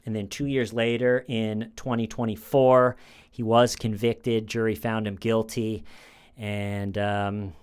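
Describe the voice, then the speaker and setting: A man's voice: fairly low pitch, level tone, slow, smooth. A man hosting a true crime commentary, talking casually and giving his opinions. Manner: conversational, opinionated, acts out quotes.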